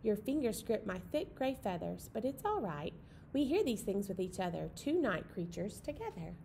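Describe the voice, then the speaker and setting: A woman reading a picture book as a gentle night owl telling its own story, in a soft, tender, unhurried voice. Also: medium pitch, sing-song, creaky, a little hiss or hum. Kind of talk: picture-book read-aloud.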